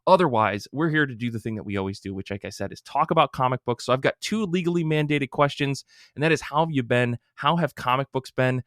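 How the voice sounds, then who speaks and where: A man's voice: medium pitch, fast talker, fairly bright tone, no echo, clean studio sound. A man hosting a casual podcast, with jokey, upbeat patter. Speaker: podcast host.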